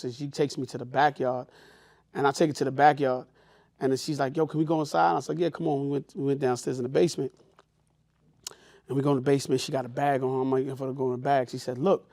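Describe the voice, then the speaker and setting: A fairly high-pitched, slightly mellow male voice comes through a dry, clean studio recording. The man co-hosts a podcast, loosely telling stories in casual chat and putting on the voices of the people involved.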